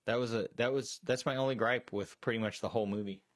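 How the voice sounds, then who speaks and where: A man's voice: medium pitch, steady tone, fast, dry recording, studio quality. A man co-hosting a casual movie chat on a live stream, rambling with many restarts and fillers. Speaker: co-host. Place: storage shed.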